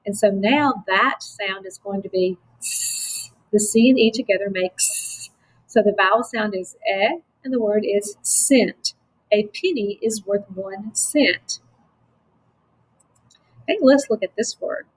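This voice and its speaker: Woman teacher, patient phonics lesson, husky voice, slow and encouraging. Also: medium pitch, rough recording.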